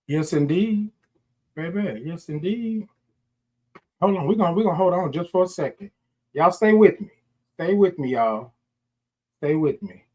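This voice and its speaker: Man, Houston Texas twang, casual livestream host, folksy, repeats phrases, slightly high voice. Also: animated, moderate pace, long pauses, darkish tone. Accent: Southern US, Texas. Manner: folksy, repeats himself, greets viewers by name. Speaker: morning show host.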